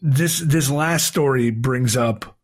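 A husky-voiced man in his thirties co-hosting a casual podcast. He talks in a loose, profane way, circling back and restarting his sentences as he tells stories to his friend. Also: mid-range voice, slow. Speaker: podcast co-host. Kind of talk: casual crude podcast banter.

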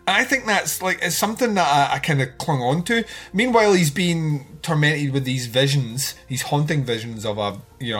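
A man's voice: medium pitch, fairly bright tone, slightly rough. A man co-hosting a casual film podcast, rambling with lots of fillers and swearing, often laughing. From outside the United States. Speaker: podcast co-host. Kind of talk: casual film review chat.

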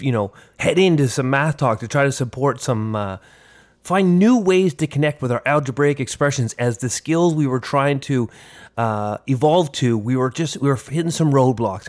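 A man's voice: medium pitch, a little mellow. A man co-hosting a podcast for teachers, chatting casually and playfully, slipping into silly voices. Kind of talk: casual chat.

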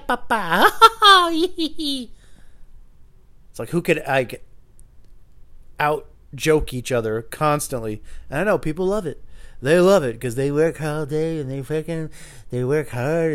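A man's voice: mid-range voice, a bit bright. A man at home doing a rambling solo monologue, swearing a lot and cutting himself off mid-thought. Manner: profane, rambling, cuts himself off. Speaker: podcast host. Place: at home by the kitchen fridge.

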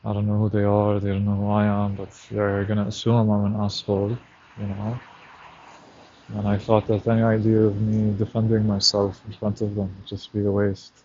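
Low, flat-voiced man talking on a night walk. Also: moderate pace, highs cut off, slight background noise. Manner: reflective, recounting a story aloud. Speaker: vlogger. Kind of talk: casual night-walk monologue. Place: outdoors on a street at night.

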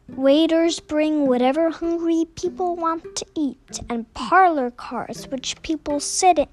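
A snooty storybook passenger engine, as a woman puts him on, high and disdainful. He talks slowly and looks down on everyone. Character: haughty proud male passenger engine.

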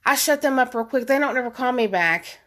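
A woman talks straight to her viewers in a relaxed, storytelling vlog. Her voice sits a little high for a woman, and she leans hard on her points with animated emphasis. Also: fairly quick. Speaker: vlogger.

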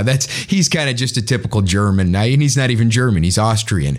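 A male host delivering casual opinion commentary in a blunt, preachy manner. His voice swings widely in pitch, with a sarcastic edge. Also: lively intonation, fairly quick, hardly any pauses. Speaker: show host.

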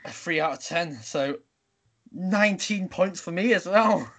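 A young man co-hosting a student podcast, chatting in a quick, breezy way and reading mock news over a video call. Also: high voice, a bit bright. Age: young adult. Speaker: podcast co-host.

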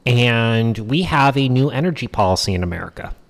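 A man's voice: mid-range voice, expressive, a little fast, in a large hall. A man hosting a political podcast, talking in a wry, sarcastic, rambling way. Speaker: podcast host.

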